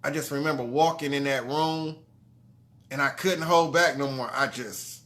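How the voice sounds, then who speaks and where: A man's voice: medium pitch, moderate pace. A man telling a heartfelt personal story to his audience, earnest and conversational, often checking in with "you know what I'm saying". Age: adult father of grown sons. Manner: trailing restarts and soft drops in level.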